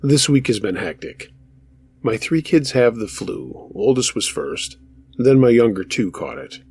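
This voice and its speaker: A man narrating true scary stories in a measured, steady storytelling manner as the show's host. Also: medium pitch, vocal fry, husky.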